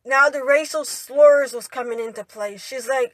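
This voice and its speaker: A woman's voice: high-pitched, moderate pace, fairly bright tone, no room sound. A young woman telling a story in a rambling, indignant way, ending her lines with "right?" and "you know". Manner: indignant retelling. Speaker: vlogger. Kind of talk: storytime monologue.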